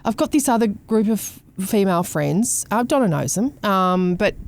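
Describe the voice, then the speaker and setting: A woman's voice: mid-range voice, lively intonation, moderate pace. A woman with an Australian accent, hosting a casual chat and talking bluntly, swearing and mimicking people as she tells stories. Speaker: podcast host.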